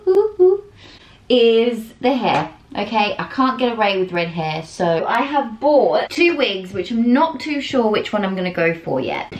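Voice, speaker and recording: A young Australian woman chatting casually to camera in a bubbly, giggly way from a small indoor room. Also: medium pitch. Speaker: vlogger. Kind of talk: casual vlog chat.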